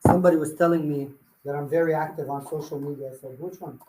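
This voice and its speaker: A man's voice: on the high side, fairly even intonation, fast, dark tone, reverberant, rough recording. Blunt man coaching a room. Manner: blunt, fires rhetorical questions at the audience. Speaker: real estate sales trainer. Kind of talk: live coaching workshop.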